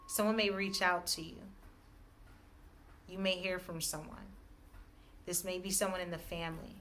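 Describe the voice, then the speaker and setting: Woman, low-set but bright and pushing voice, intuitive reader, repetitive hedging delivery with frequent laughs. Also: a little hiss or hum. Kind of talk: spiritual message reading.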